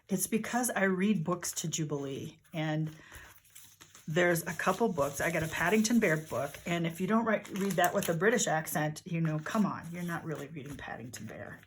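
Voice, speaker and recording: A woman's voice: lowish voice, a little hiss or hum. An older woman talking casually as she works on a journal, rambling and thinking aloud about her materials. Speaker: journaling vlogger. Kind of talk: casual crafting narration. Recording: paper crinkling heard in background.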